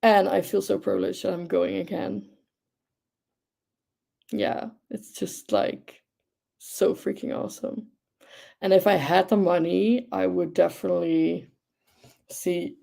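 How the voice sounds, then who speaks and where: A woman's voice: on the low side, animated, takes it slowly, vocal fry, pauses often, warm tone. A young woman hosting a livestream, chatting casually and gushing with enthusiasm, with lots of fillers. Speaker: livestream host. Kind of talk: casual chat.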